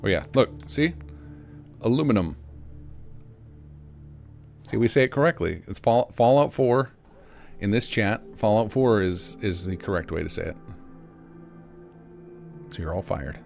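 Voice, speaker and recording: A man's voice: fairly low pitch, moderate pace, gravelly, long pauses, a little mellow, faint music behind. An American man chatting casually to viewers on a live game stream, rambling in a chatty way. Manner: rambling, chatty, talks to chat.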